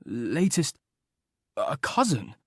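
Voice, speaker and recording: A man reading an audiobook voices a young, earnest secretary who answers in a hurried, flustered way. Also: on the high side, expressive, no echo, clean studio sound, pitched above the performer's own voice.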